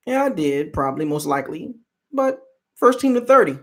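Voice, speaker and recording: A man's voice: sits high, big pitch swings, a little fast, a little mellow. A man hosting a football fan channel, chatting casually on a live stream and teasing fans in the chat. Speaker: sports channel host.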